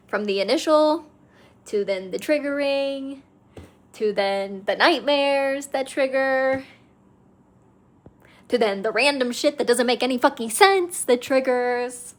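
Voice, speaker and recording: A woman's voice: high voice, takes it slowly, long pauses, poor audio. A young woman vlogging casually from her car, talking frankly and swearing as she vents. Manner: frank and profane, venting. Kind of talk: casual vlog talk. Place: car, driving.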